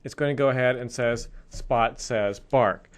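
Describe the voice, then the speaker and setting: A man's voice: mid-range voice, unhurried. A male programming instructor explaining code step by step in a recorded screencast lesson.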